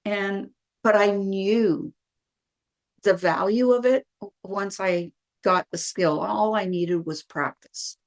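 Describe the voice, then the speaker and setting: A middle-aged woman tells her story as a podcast guest, with a mid-range voice that is neither high nor low. She talks in a lively, anecdotal way and acts out her own inner voice as she goes. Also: slow. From Canada. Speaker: guest, wellness practitioner. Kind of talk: conversational storytelling.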